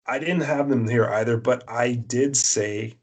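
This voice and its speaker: A man with a mid-range voice and a Canadian accent co-hosts a podcast, offering blunt, opinionated sports takes in casual chat. He often pauses on "uh" and "um."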